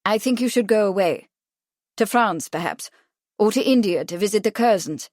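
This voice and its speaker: A woman voicing an agitated, pompous young gentleman who talks in an insistent, commanding way. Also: medium pitch, expressive, moderate pace, no echo, clean studio sound, close to an everyday voice.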